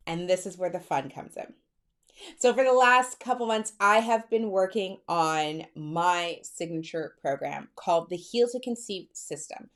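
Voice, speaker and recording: A woman coach speaking close to the mic in a lively, personal vlog style. Her voice sits at an everyday middle pitch. She sounds excited and chatty, and she keeps calling her listeners girl and sis. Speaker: fertility coach. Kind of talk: direct-to-camera coaching talk.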